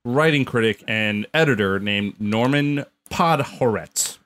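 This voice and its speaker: A man's voice: medium pitch, a little slow, fairly bright tone. A man co-hosting a podcast, telling a story in a blunt, opinionated way with casual swearing. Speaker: podcast co-host. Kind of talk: casual chat.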